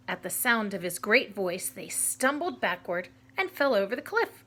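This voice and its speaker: A woman reading a children's story aloud, expressive, sometimes adding hushed asides to the listeners. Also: medium pitch, normal speed, hardly any pauses.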